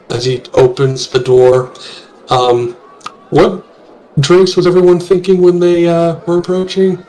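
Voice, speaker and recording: A man's voice: a little high, completely flat delivery, unhurried, a little mellow. A man working as game master, narrating a tabletop game with hesitant, filler-laden phrasing.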